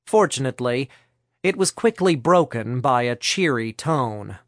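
Clean studio audio free of room sound carries a man's audiobook narration. His medium-pitched voice tells the scripted story in an even, measured manner.

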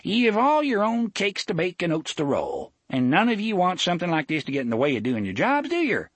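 A man's voice: high voice, huge pitch swings, fairly quick, a bit bright, no room sound, pitched above the performer's own voice, exaggerated voice. A man voicing a pudgy, pompous small-town sheriff who blusters in a folksy dialect. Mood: blustering.

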